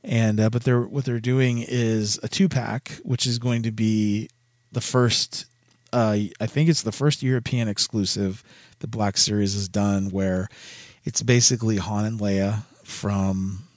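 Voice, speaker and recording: A man's voice: on the low side, fairly even intonation, a little slow, no room sound, studio quality. A man talking casually and bluntly on his own, exasperated and swearing freely as he goes. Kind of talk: casual solo commentary.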